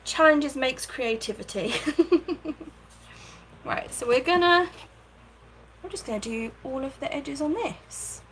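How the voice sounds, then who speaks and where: A woman's voice: high-pitched, animated, unhurried, a bit bright, slight background noise, poor audio. A woman hosting a casual craft livestream from her home craft room, chatting, thinking aloud and thanking viewers by name. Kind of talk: casual live-stream chat while crafting.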